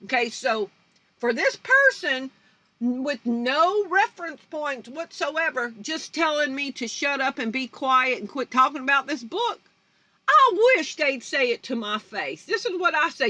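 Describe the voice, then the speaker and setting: A woman's voice: high-pitched, big pitch swings, a little slow, bright, forceful tone. A woman, hosting her own channel in a blunt, confrontational vlog rant. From North Baton Rouge, Louisiana. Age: 50s. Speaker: channel host. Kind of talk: fiery vlog rant to viewers.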